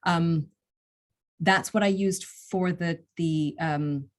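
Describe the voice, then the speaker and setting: Low-voiced young American woman explaining. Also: steady tone, takes it slowly. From United States. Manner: thoughtful, explains step by step with small restarts. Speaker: audiobook narrator and actor. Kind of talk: casual interview answers.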